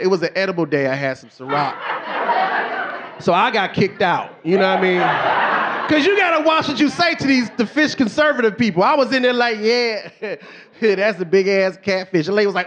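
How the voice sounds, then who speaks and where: A man's voice: high voice, brisk, noisy background. A middle-aged man performing a stand-up comedy routine on a club stage, telling stories animatedly and acting out the people he quotes. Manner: animated storytelling, acts out quotes with shifting voice.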